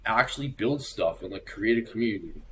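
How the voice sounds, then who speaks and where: A young man who is a digital artist, speaking as a guest on a casual podcast. He talks excitedly, swears, and fills his speech with like and you know. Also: lowish voice, fairly quick, slight background noise. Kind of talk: casual chat.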